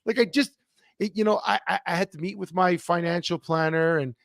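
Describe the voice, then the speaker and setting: Man co-host, animated storyteller, slightly high voice, dry sound. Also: brisk, creaky, no echo. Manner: animated storyteller, many fillers and restarts. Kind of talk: casual sports talk show chat. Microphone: remote computer mic.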